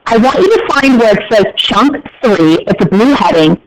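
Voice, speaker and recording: An American man teaches a class in a fairly high voice, chatty and quick to throw in joking asides for his students. A steady hiss of noise runs under the recording. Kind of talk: classroom lecture.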